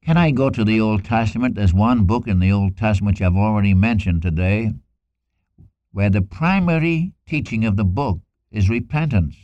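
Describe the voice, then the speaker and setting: A man's voice: fairly low pitch, normal speed, dark tone, no echo. A man preaching a sermon in an earnest way, quoting scripture with dramatic emphasis and repeating lines for weight. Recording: dull lo-fi dry recording.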